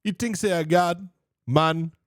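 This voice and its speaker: A man's voice: high voice, a little slow, no echo, studio quality, voice pushed up. A man putting on a Jamaican patois accent to read a pamphlet aloud in an exaggerated, emphatic sing-song. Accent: put-on Jamaican patois.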